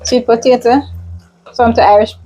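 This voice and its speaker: A woman with a Jamaican accent chatting casually in a vlog, relaxed and slipping into patois. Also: on the high side, normal speed, soft background music, poor audio. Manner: relaxed, mixes patois into chat. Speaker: vlogger.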